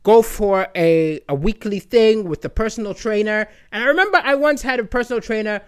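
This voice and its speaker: A man from Malawi delivering a chatty stand-up comedy monologue, animated and often checking in with "right?". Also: high-pitched, brisk, clean tone.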